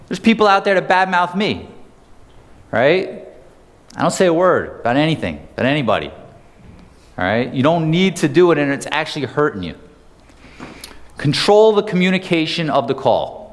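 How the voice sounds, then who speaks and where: A man's voice: a little high, moderate pace, long pauses. Man lecturing a seminar in a reverberant hall. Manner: energetic, conversational, asks the audience questions. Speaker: sales trainer. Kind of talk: live seminar talk. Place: seminar room.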